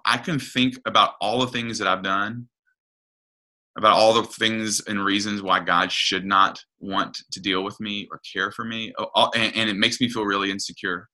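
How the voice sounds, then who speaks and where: A man's voice: on the low side, fairly even intonation, moderate pace, pushed and bright. A man giving a conversational sermon, earnest and retelling a story with frequent restarts and hesitations. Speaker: preacher.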